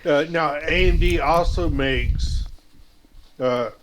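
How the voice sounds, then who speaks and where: Slow, hesitant man gamer. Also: fairly high pitch, slight background noise. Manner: hesitant, lots of uh and restarts. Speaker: stream guest. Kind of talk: casual chat while gaming.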